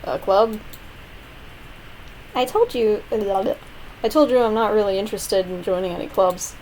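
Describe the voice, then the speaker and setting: A woman reading the lines of a lazy, dismissive teenage schoolboy narrator from a game, in a flat, low-key tone. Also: a little slow, a little hiss or hum, close to an everyday voice, poor audio. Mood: dry.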